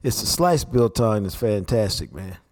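A man co-hosting sports talk, breaking down football and chatting about sponsors in a steady, conversational way. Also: lowish voice, moderate pace. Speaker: sports radio co-host. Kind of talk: casual football analysis.

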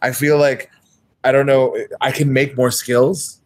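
A man's voice: mid-range voice, little pitch movement, unhurried, no room sound. A man chatting as a player while building a tabletop character, rambling and hesitant with many restarts. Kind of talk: tabletop character creation chat.

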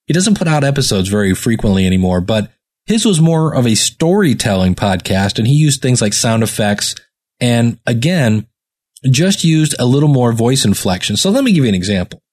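A man hosting a podcast review show, giving casual spoken feedback with fillers and deliberate stress on some words. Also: medium pitch, big pitch swings, darkish tone.

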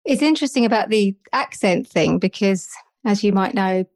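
A woman from the north of England, raised in Kent, hosting a podcast in an upbeat, clear manner. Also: medium pitch, lively intonation, moderate pace, darkish tone. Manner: upbeat, clear scripted intro. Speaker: podcast host.

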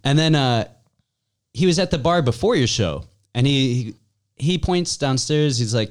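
A man's voice: mid-range voice, lively intonation, moderate pace. A man running a small venue, recounting events in casual, easygoing chat.

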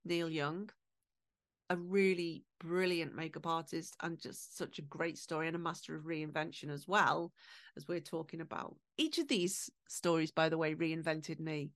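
A low-voiced, middle-aged woman from England hosts a podcast, recounting personal stories in a monologue. Her telling is emotional and candid, peppered with swearing and fast asides, captured in clean studio sound without echo.

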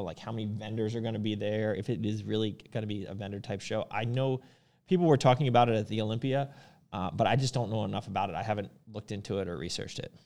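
A man co-hosting a casual podcast about supplements, talking loosely with fillers and restarts. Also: fairly low pitch. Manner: relaxed, rambling with fillers and restarts. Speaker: podcast host.

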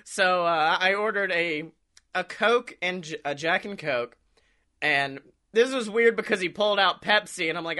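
High bright-voiced guy on a podcast, swearing and laughing through his stories. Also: normal speed. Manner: rambling, profane, laughs often, acts out quotes. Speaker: podcast co-host. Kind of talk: casual storytelling chat.

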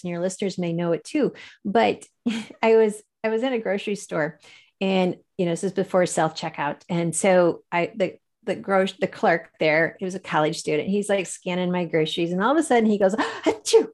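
A woman's voice: fairly low pitch, normal speed, a little mellow. A woman guest in a faith-based interview, telling her story with animation, laughing often and acting out the people she quotes.

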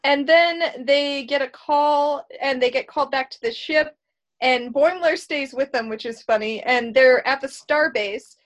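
A woman with a high voice recaps a show episode in relaxed conversation. She talks in an animated way and slips into quick impressions of the characters as she retells scenes. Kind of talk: casual chat recapping an episode.

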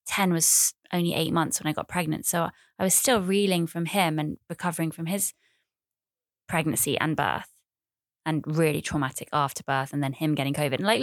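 This is a podcast host, a woman in her thirties, speaking alone in a casual monologue with a fairly low voice. She rambles, chats, runs herself down, and repeats phrases; the sound is dry and studio quality.

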